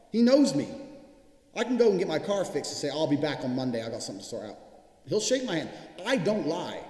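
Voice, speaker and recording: Forceful, profane man in an echoey hall. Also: mid-range voice. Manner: forceful, profane and blunt, with emphatic repetition. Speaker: speaker giving a motivational talk. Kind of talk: motivational speech. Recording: echoey hall with long reverb.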